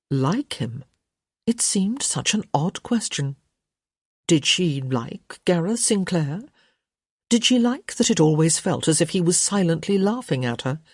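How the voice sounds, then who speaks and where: A woman narrating a romance audiobook in measured scripted storytelling. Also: low voice, darkish tone, husky, dry recording, studio quality.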